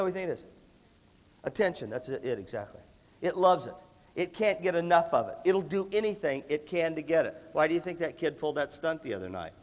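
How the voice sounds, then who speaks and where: A man giving an animated motivational leadership talk to music students, emphatic and punchy, with a cough that breaks in now and then. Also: fairly high pitch. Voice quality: lively, emphatic delivery with repeated punchy phrases. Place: large hall with an audience. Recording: long reverb of a large hall.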